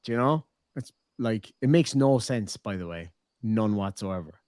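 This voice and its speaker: A man's voice: fairly low pitch, lively intonation, moderate pace, darkish tone, no echo, studio quality. An Irish man chatting on a livestream, swearing often and teasing in casual banter. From Ireland. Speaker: streamer.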